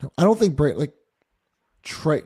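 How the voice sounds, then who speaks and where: A man's voice: a little high, animated, measured pace, warm tone, breathy edge. A man co-hosting a live postgame sports show, talking casually and hedging with "like". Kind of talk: live sports talk stream.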